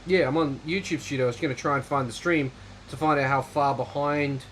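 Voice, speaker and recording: A man's voice: mid-range voice, fairly even intonation, a little fast, a bit bright, slight background noise, rough recording. A man hosting a casual livestream chat, rambling in a dry, offhand way while reading viewer comments. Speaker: livestream host.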